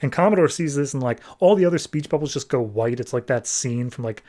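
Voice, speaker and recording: A man's voice: mid-range voice, lively intonation, quick pace, a little mellow. A young man hosting a podcast, recapping a comic book in a loose, chatty way and acting out characters' lines. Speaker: podcast host.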